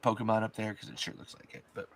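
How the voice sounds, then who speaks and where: A man hosting a casual livestream chat, excitable and laughing, swearing freely. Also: lowish voice, quick pace, crowd noise.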